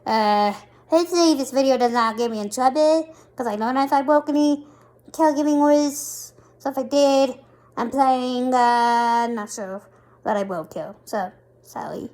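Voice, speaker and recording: A woman vlogger in her thirties, telling a story in a casual, animated and self-mocking way. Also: sits high, moderate pace.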